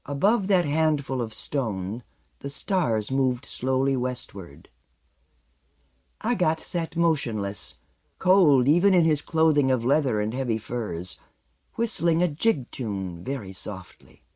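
Male audiobook narrator, measured and expressive, with a lively, varied pitch. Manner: measured, expressive storytelling with dropping line ends.

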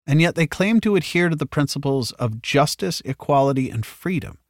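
A man narrating a science fiction audiobook in a steady, measured way. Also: a little high, no echo, clean studio sound.

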